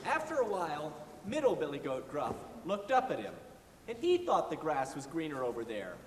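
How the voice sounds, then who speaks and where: A man narrating a fairy tale in a measured storybook manner at a live stage show. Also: a little high, wildly swooping pitch. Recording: echoey hall, distant mic, audience noise.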